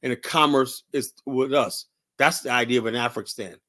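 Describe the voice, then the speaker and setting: A man's voice: mid-range voice, steady tone, brisk, a bit bright. Rambling man ranting on a livestream. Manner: rambling, heated, with many "you know" fillers; reads out and answers viewer chat. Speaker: livestream host. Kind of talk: casual live-stream commentary.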